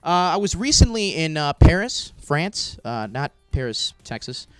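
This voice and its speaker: A man's voice: on the high side, sing-song, a little slow, no echo, faint music behind. A young man doing stand-up comedy in a small room with only crew watching, awkward and rambling, with many fillers and self-deprecating asides. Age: young adult.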